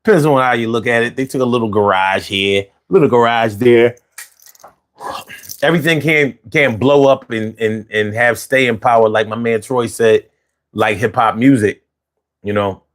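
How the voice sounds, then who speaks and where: A man in hosts his own livestream, chatting loosely with his viewers. He sounds tired, often repeats and restarts his words, and his voice sits at an ordinary middle pitch. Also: normal speed. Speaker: livestream show host. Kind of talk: casual livestream chat.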